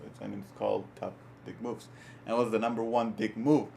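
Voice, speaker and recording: A man co-hosting a podcast in casual chat, animated and emphatic, often repeating his words. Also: lowish voice, fast talker, vocal fry, slight background noise. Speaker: podcast co-host.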